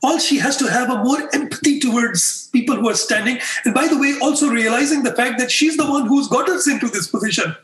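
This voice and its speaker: Man, high voice, animated storyteller, interview guest, echoey room. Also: fairly quick, hardly any pauses, distant mic. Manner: animated, acts out dialogue in the story. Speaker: guest, customer experience expert.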